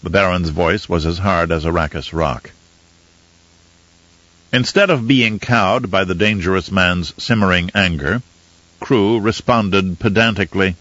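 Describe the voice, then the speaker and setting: Low-voiced man narrating an audiobook. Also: moderate pace, dry recording, dull audio. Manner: steady, descriptive storytelling. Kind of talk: scripted narration.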